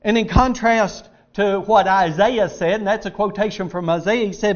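Emphatic high-voiced man preaching. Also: steady tone, normal speed, few pauses, highs cut off. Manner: emphatic, repeats words for stress. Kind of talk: sermon. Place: auditorium.

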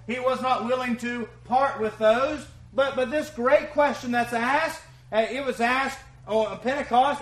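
A man's voice: very high-pitched, pushed and bright. A man preaching an evening sermon in church, earnestly quoting scripture and putting rhetorical questions to the congregation.

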